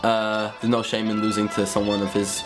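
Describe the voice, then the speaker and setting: A man's voice: fairly low pitch, completely flat delivery, brisk, music in the background. A young man talks casually and rambles with lots of fillers in a documentary interview about his sport. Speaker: freestyle footballer. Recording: roomy echo.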